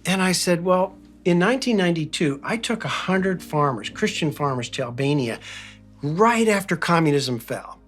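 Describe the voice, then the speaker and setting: A man's voice: on the high side, lively intonation, moderate pace, a bit bright. A man from Philadelphia giving an earnest motivational talk, telling a personal story and stressing his key phrases. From Philadelphia, United States. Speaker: speaker.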